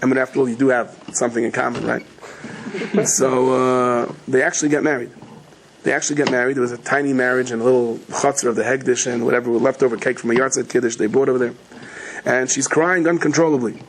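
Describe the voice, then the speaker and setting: A middle-aged man giving a sermon as a rabbi, telling stories in a rapid, chatty, joking way. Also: medium pitch, fairly even intonation, noisy background. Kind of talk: sermon with humorous storytelling.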